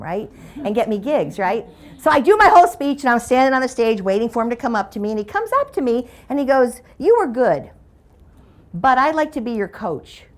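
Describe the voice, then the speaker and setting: A middle-aged woman giving a humorous keynote talk, telling stories in a playful, conversational way. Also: on the high side. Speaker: motivational speaker.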